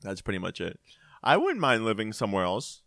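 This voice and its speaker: A man co-hosts a relaxed political podcast, backing up his partner and laughing often. His pitch moves up and down a lot. The recording is dry and close to the mic. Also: brisk, creaky, dry recording. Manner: agreeable, laughs often, backs up the other host. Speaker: podcast co-host. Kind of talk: casual political chat.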